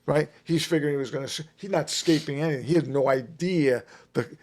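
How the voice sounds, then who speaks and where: A middle-aged man telling a long personal story on a podcast, emphatic and animated, repeating his points. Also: a little high, fast talker. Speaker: podcast guest. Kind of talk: casual storytelling.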